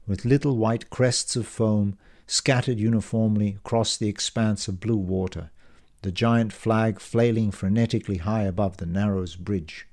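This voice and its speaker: An author reads his own novel aloud, narrating in the first person. His voice sits on the low side for a man, and he tells the story in a measured, descriptive way at an even reading pace.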